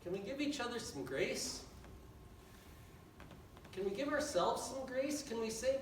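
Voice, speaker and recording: A man preaches with an unusually high voice, pressing his points through earnest repetition. He is heard from some distance in a church sanctuary, and the room's reverb hangs on every phrase. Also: expressive, measured pace, pauses often, slight background noise. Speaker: pastor. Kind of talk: sermon. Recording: echoey church hall from far off.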